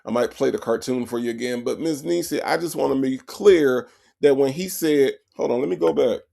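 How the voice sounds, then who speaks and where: This livestream host's gravelly, mid-range voice moves briskly as he fires off lively, foul-mouthed reactions. He addresses his chat head-on and tends to say things more than once.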